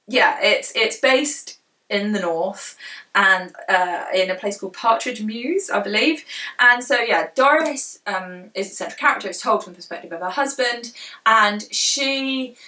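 A woman's voice: medium pitch, sharp tone. Young southern english woman rambling about books, sounds a bit far off the mic, roomy echo. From southern England. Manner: chatty, rambling, with many fillers and laughs. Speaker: book vlogger and indie author. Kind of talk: casual chat to camera. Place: indoor room at home, rain outside. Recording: echoey room, distant from mic.

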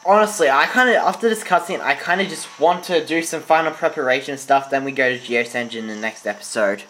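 Low-key gamer man, short remarks. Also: brisk, bright, forceful tone, faint music behind. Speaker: co-host gamer. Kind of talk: casual let's-play chat.

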